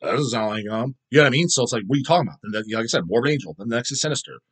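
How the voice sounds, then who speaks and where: A man with a husky, somewhat breathy voice at an ordinary pitch rants casually about music on his own show. He talks bluntly, swears constantly and rambles through restarts and asides. He is recorded on a phone. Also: expressive, rapid-fire, a bit bright. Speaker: host answering viewer questions. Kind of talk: casual profane rant.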